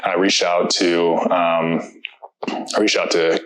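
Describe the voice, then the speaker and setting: A man in his thirties giving a personal testimonial in an interview, speaking in a halting, reflective way with many fillers and restarts. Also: deep voice, level tone, fairly bright tone, rough recording.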